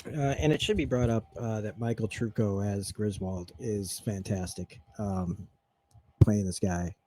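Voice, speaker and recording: A man's voice: fairly low pitch, fairly even intonation, unhurried, dark tone, no echo. Rambling, enthusiastic man recapping a show. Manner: rambling, enthusiastic, laughs often. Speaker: host. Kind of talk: stream-of-consciousness TV recap. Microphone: streaming setup mic.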